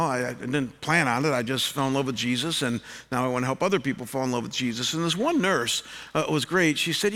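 A man's voice: fairly high pitch, pushed and bright. A middle-aged male pastor preaching in a conversational, storytelling way, often restarting his words. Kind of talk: sermon.

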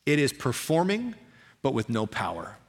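A man preaches to his congregation with a middle-pitched voice, speaking casually and with energy, often restarting his sentences. His voice carries a long reverb from the hall. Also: huge pitch swings, normal speed, husky. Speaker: pastor. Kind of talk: sermon.

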